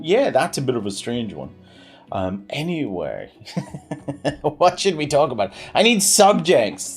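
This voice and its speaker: A man in his thirties chatting on a live game stream, rambling with many fillers and restarts. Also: darkish tone. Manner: pitch swings widely.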